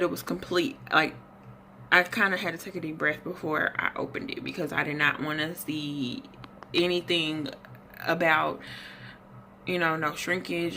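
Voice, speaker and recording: A young woman talks at her desk in a low voice with a forceful, bright edge and a gravelly fry. She rambles and corrects herself as she retells her story, a touch out of breath. A faint noise floor sits under the recording. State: slightly out of breath. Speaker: vlogger. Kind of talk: casual health update vlog.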